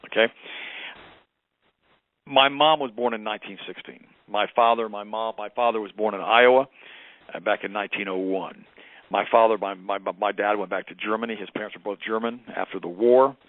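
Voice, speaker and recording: Fast-talking man on a phone line. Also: on the low side, no echo. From United States. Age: 50s. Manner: impassioned storytelling, rising when quoting. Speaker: guest. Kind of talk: radio interview. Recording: tinny phone line, dry.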